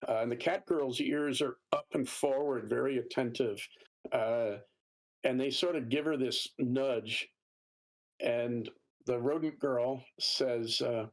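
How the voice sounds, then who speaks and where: A man's voice: mid-range voice, steady tone, takes it slowly, poor audio. A man narrating as game master of a tabletop game, describing scenes at length with frequent fillers.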